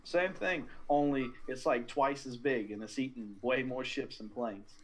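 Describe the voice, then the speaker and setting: A man in a casual podcast chat, telling stories with animated energy and teasing his friend. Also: medium pitch, a little slow, slight background noise.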